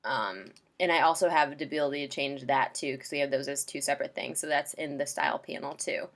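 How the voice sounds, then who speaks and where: A woman's voice: a bass voice, a little fast, a bit bright. A woman casually walking a client through website templates in a screen-share tutorial, chatty and loose with lots of ums and likes.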